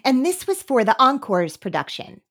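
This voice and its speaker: A woman hosting a podcast interview, asking questions in a relaxed, conversational way. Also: high-pitched, moderate pace. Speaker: podcast host. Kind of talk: casual interview chat.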